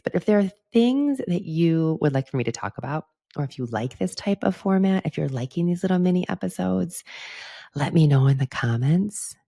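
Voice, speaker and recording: A woman's voice: extremely low pitch, creaky, darkish tone. A middle-aged woman hosting a solo podcast, talking candidly and chattily to her listeners and laughing often. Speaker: podcast host. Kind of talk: casual solo podcast chat.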